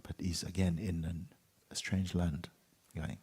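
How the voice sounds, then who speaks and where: A man, a spiritual teacher, telling a fable to an audience in an unhurried way, with pauses, sometimes dropping to a hushed whisper. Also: deep voice, flat delivery, husky, big-room sound. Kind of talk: storytelling talk to an audience.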